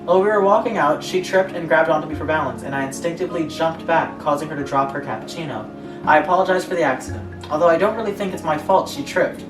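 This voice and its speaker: Young woman reading posts out loud, lowish voice, laughs a lot, echoey room kinda far from the mic. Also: fast, music in the background. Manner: laughs often, reads aloud with sarcastic asides. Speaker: podcast co-host reading stories. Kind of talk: casual chat, reading posts aloud.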